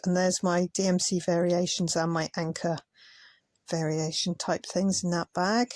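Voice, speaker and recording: A woman's voice: lowish voice, level tone, moderate pace, a little mellow, no echo. A tired woman chatting casually as a craft vlogger, muttering asides as she sorts things. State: tired, yawning. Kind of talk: casual commentary over sped-up footage.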